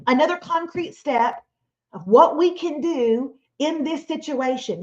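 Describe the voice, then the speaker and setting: A woman, giving a lively, playful motivational Christian talk as a webinar speaker. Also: fairly high pitch. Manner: animated, playful, acts out imagined listeners and quotes. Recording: slightly dull, lo-fi webinar audio.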